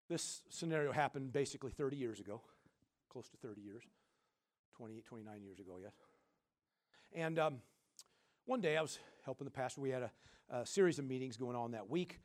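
A middle-aged man preaching a sermon as senior pastor, swinging between loud, animated bursts and quiet asides while calling out to the congregation. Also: medium pitch. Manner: calls out to the congregation.

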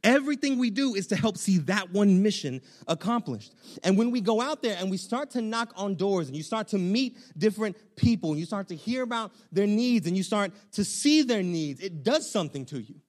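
A young man, a pastor, preaching a sermon in an animated, conversational way with casual slang. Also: high-pitched, fairly quick.

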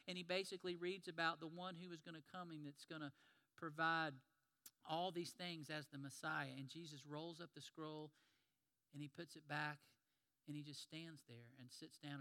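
A man's voice: fairly high pitch, bright, forceful tone, smooth, long reverb tail. A man preaching a sermon in a conversational storytelling way, retelling scenes and acting out the lines.

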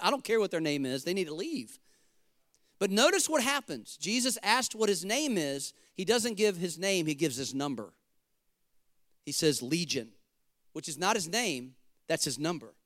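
A man's voice: high voice, a bit bright, no echo, clean studio sound. A male pastor preaching a sermon, fervent and emphatic, with casual asides to the congregation.

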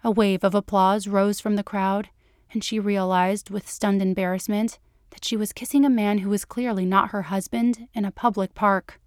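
A woman narrates a story in a smooth, even manner. Her pitch sits in the middle and the recording is close and dry. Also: moderate pace, no echo. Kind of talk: audiobook narration.

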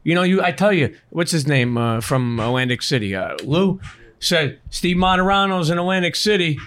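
A male podcast host whose voice sits slightly high for a man. He speaks in an earnest, encouraging way and keeps breaking in with repeated calls of "listen". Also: lively intonation, moderate pace, a bit bright, a little hiss or hum. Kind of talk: casual podcast interview.

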